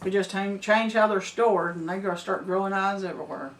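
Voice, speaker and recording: An older homesteading woman, talking earnestly and with emphasis, quick to laugh. Her voice is mid-pitched and picked up from a little way off the mic. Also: fairly even intonation. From Middle Tennessee. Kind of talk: casual chat. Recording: distant mic.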